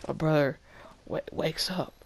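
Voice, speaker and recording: A young man vlogging a story time, animated and rambling, laughing as he tells it. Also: on the high side, unhurried, a little hiss or hum.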